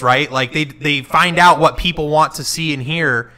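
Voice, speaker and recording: A young man hosting a casual podcast chat, ranting animatedly with lots of fillers. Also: on the high side. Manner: animated, ranting, quick bursts with many fillers. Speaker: podcast host.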